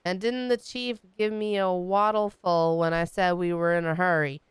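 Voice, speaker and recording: A woman reading lines as a hapless male rogue underling in a game, in rough slang. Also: on the low side, steady tone, very slow, dry recording. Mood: grumbling.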